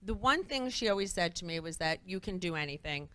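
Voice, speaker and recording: Bright-voiced woman telling lively stories. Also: fairly low pitch, fairly quick. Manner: lively, acts out quoted voices. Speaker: guest entrepreneur. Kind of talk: animated storytelling on a talk show.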